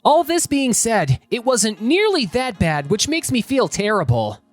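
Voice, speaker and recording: A man's voice: extremely high pitch, measured pace, no echo. A man reading online stories aloud as the show's host, adding his own comments between them. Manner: lively, expressive reading. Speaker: story reader and host. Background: faint background music.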